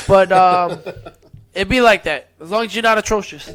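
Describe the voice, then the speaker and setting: A man with a very high, bright and forceful voice, co-hosting a casual wrestling podcast. He jokes around and calls out segments like an announcer. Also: normal speed, clear, resonant tone, low-quality recording. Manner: energetic, joking, announcer-like segment intros. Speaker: podcast co-host.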